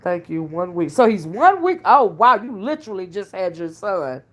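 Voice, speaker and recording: A woman's voice: medium pitch, big pitch swings, normal speed, fairly bright tone. A woman hosting a casual livestream from her home, chatting folksily, calling listeners honey and child, and thanking viewers by name. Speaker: self-styled oracle and livestream host. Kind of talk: casual livestream chat, reading viewer comments. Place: at home while cooking dinner.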